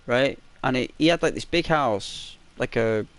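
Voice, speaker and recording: A man's voice: medium pitch, lively intonation, unhurried. A man hosting a gaming channel, telling a story in a chatty, rambling way with lots of fillers and restarts, in a semi-ASMR narration over gameplay.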